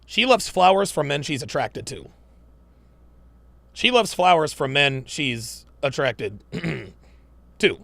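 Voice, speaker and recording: A man's voice: on the high side, sing-song, slow, vocal fry, pauses often, a bit bright, dry recording. A man hosting a live-stream commentary show, talking in a profane, emphatic and preachy way. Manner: mocks women in put-on voices.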